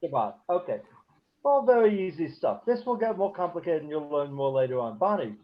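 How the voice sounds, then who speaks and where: A man teaching a beginner class over a video call, talking haltingly with many fillers and restarts. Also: a little high, big pitch swings, slight background noise. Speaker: Hebrew teacher. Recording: dull lo-fi call audio.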